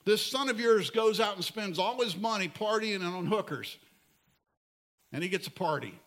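Resentful older brother, young man, put on by a preacher; high, bright and bitter. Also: animated, moderate pace. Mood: indignant. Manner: bitter, complaining, emphatic.

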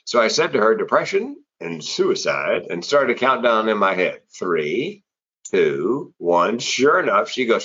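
A middle-aged man with a low, husky voice tells stories as an interview guest, slipping into the voices of the people he quotes. He comes across as a practised stage talker, and the sound is a little dull and lo-fi. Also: measured pace. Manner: animated storyteller who acts out quoted voices. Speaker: public speaker and former comedian, interview guest. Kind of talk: conversational storytelling in an interview. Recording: slightly dull, lo-fi audio.

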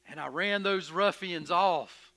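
A man playing Moses in a dramatic first-person sermon, telling his story with emphatic, expressive energy and stammering when anxious. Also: high-pitched, slow pace, exaggerated voice. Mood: earnest. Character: Moses, earnest, stubborn, curious shepherd. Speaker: preacher in character.

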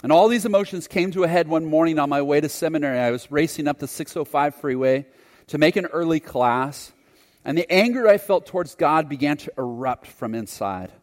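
A male preacher telling a personal story in a sermon, earnest and reflective. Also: a little high. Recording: long hall reverb.

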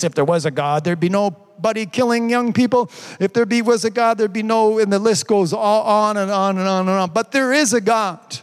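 A man's voice: high voice, in a large hall. A man preaching a sermon as pastor, calling out to the congregation and asking rhetorical questions. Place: church.

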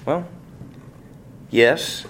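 A middle-aged man preaching a sermon, asking the congregation rhetorical questions and rising sharply in pitch and volume on emphatic points. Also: extremely slow, a bit bright. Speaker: pastor.

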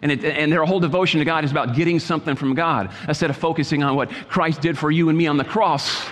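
A high-voiced man preaches a sermon to his church. He exhorts and repeats his lines, dropping to quiet asides and then rising to loud calls. His voice rings with a long echo in a hall. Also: fairly even intonation, fast talker. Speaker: pastor.

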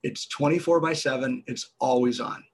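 A man, a business guest on a podcast, explaining ideas in a measured storytelling way. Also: medium pitch, slight background noise. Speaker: guest entrepreneur.

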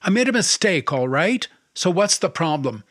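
A man voicing a middle-aged priest who is breaking down, strained and halting, sometimes shouting. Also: a little high, very animated, no room sound, studio quality, voice pushed up. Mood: anguished.

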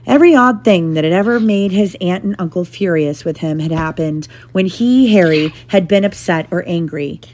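A woman reading a novel aloud to her child, lively and animated, with brief asides. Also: fairly low pitch, moderate pace, few pauses.

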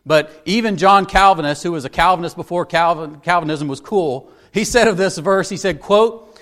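Male preacher with a higher voice, emphatic teaching sermon delivery. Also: fairly bright tone. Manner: earnest, emphatic, slows down on scripture verses; teaching, with frequent "right?" asides.

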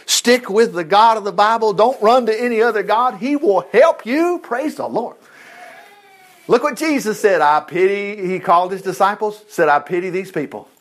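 A middle-aged man preaching a sermon, retelling scripture with lively asides and exclamations. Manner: animated, swings pitch widely, asides and exclamations.

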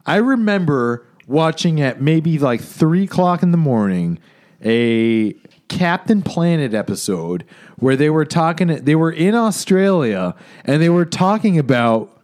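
A man with a somewhat higher voice co-hosts a comedy podcast. He rambles and swears freely through crude jokes and riffs. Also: sing-song, a little slow, a little mellow. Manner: profane, rambling, riffs into goofy bits. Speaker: podcast co-host.

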